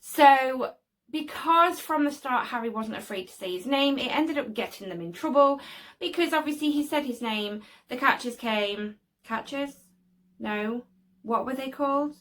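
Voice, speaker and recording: Chatty high-voiced woman. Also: animated, measured pace, a bit bright. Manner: chatty, opinionated, leans on "obviously" and "right?". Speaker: video creator. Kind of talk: casual fan commentary.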